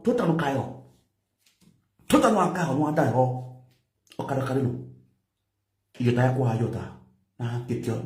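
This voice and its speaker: Scolding Nigerian man, lively voice. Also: fairly high pitch, echoey room. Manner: lecturing, mixing pidgin and local language. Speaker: social media commentator. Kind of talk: scolding commentary.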